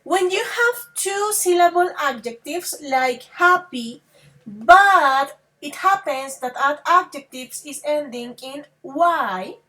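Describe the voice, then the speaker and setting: Woman, English teacher, affectionate, halting restarts, crisp bright tone. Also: high-pitched, animated. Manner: affectionate, calls students babies and dears; repeats okay and halting restarts. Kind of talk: grammar lesson to students.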